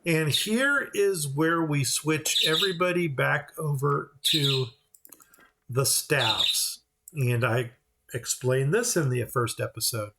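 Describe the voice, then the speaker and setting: A man's voice: on the high side, slow pace, bright, forceful tone, slight background noise. Chatty man narrating his gameplay. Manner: chatty, explains as he plays, mock-voices the characters. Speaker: gameplay commentator. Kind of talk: casual let's-play commentary.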